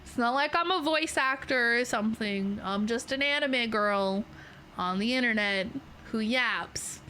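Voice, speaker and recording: A young Canadian woman with a Canadian accent chatting on a livestream from her bedroom setup. Her voice sits a touch high and sounds bright and forceful. She rambles in a playful, unhurried way and breaks into laughs often. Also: a little hiss or hum. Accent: Canadian English. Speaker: VTuber streamer. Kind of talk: casual livestream chat. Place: home streaming setup in a bedroom.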